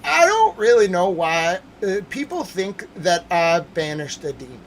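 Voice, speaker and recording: Livestream host, male, fairly high voice, worn hoarse, loud repetitive rants. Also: very animated, a little slow, a little hiss or hum. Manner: agitated, loud and repetitive, swings between yelling and muttering. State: hoarse from yelling. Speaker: livestream news commentary host. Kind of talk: ranting livestream commentary.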